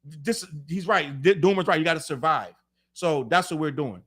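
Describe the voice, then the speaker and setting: A man co-hosting a podcast in casual chat, rapid and animated, cursing freely and repeating words as he restarts. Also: on the high side, slightly rough. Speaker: podcast co-host.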